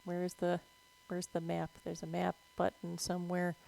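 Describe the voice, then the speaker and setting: A woman streaming a game and chatting casually about veterinary topics, moving between relaxed talk and excited yelps at the game. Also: fairly low pitch, moderate pace, creaky, poor audio. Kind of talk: casual gameplay commentary.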